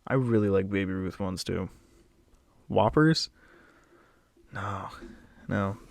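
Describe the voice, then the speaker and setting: A man's voice: sits low, takes it slowly, creaky, a little mellow, no room sound. A young man rating snacks in a casual solo video, rambling and self-deprecating, with blunt verdicts and a slightly out-of-breath delivery. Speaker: snack reviewer.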